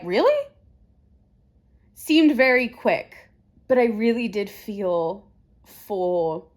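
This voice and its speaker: A teary, emotional woman book vlogger talking to camera, halting and repeating herself softly. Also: medium pitch. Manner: halting, repeats herself, soft trailing phrases. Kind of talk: casual chat to camera.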